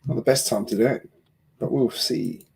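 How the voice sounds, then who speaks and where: A man's voice: medium pitch, fairly even intonation, moderate pace, vocal fry, a little mellow, breathy edge. A man hosting a casual live stream from home, chatting in a rambling way with self-deprecating asides, picked up by a computer mic. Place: home build room at a computer.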